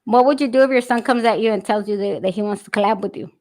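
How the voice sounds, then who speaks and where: A woman's voice: medium pitch, fast, darkish tone, low-quality recording. A middle-aged woman hosting a livestream, talking casually with brash, profane humor and frequent laughter. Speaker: livestream host. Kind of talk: casual chat. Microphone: streaming setup.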